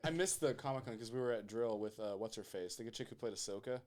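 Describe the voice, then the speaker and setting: A man co-hosting a podcast in casual chat, with quick animated reactions. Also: on the low side. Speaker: podcast co-host.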